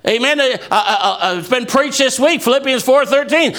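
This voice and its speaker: A man preaching a fervent sermon and quoting scripture, swinging from low, quiet asides to raised, shouted lines. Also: moderate pace, hardly any pauses. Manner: quotes scripture.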